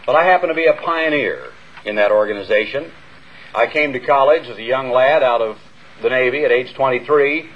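An older American man preaches to a congregation in a hall, earnest and measured, pushing his voice up for emphasis and pausing between phrases. His pitch sits in the middle of the male range. The whole thing comes through a dull, muffled old radio recording. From United States. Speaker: minister. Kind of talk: sermon. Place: church hall before a congregation.

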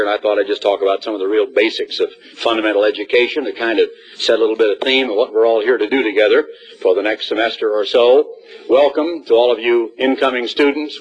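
Husky guy talking to students in an auditorium, folksy, acts stuff out, muffled old tape. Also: mid-range voice. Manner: folksy, acts out little scenes with voices. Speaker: college leader addressing new students. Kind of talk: assembly address.

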